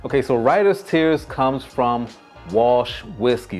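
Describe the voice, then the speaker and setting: A man hosting a casual whiskey review vlog, chatty and joking with quick asides. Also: medium pitch, big pitch swings, a little mellow, faint music behind. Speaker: host.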